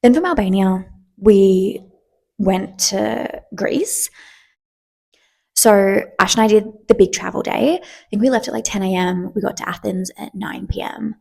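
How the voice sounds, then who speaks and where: Husky young woman telling stories. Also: medium pitch, a little slow, darkish tone. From Australia. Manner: chatty, filler-heavy, acts out quoted exchanges. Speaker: podcast host. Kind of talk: casual storytelling.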